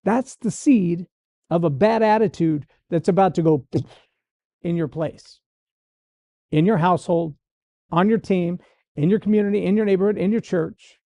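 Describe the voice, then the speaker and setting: A man with a fairly high, mellow voice gives a folksy motivational talk as a show host. He acts out the voices he quotes as he goes. The sound is close and dry. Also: moderate pace, long pauses, no echo. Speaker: motivational speaker and podcast host.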